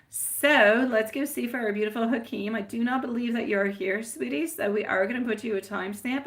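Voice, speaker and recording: A woman's voice: mid-range voice, vocal fry, bright, forceful tone. A woman reading tarot on a live stream, chatting with viewers and calling them sweetie and my love. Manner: chatty, rambling with fillers. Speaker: tarot reader.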